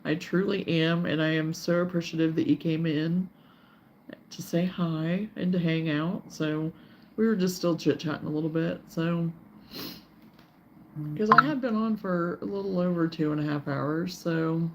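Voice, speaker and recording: Brief: woman host, live crafting chat, sleepy and rambling, gravelly edge. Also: lowish voice, measured pace, a little hiss or hum. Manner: rambling, chatty, reads viewer comments aloud. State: sleepy, yawning. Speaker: crochet livestream host. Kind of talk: casual livestream chat.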